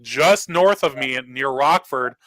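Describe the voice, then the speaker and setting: A man speaking as a guest on a live talk show, telling an animated story and acting out the dialogue, heard over a video call. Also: medium pitch, measured pace, no room sound, low-quality recording.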